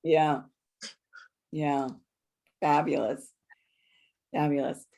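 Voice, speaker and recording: A woman hosting a spiritual group on a video call, soft-spoken and reassuring. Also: low-pitched, level tone, extremely slow. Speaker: host of a spiritual group session. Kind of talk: calm group facilitation.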